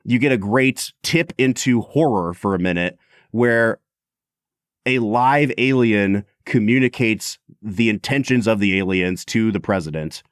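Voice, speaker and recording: A man's voice: lowish voice, a little slow, no room sound, clean studio sound. A man co-hosting a podcast, chatting casually and animatedly about a film, with lots of filler "like". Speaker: podcast co-host. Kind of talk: casual movie discussion.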